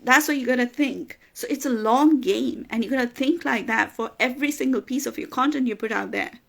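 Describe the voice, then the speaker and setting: In a gravelly, somewhat high voice and at a slightly quick pace, this female business coach presses her motivational message, repeating phrases for emphasis. Now and then emotion takes over, and she laughs through tears.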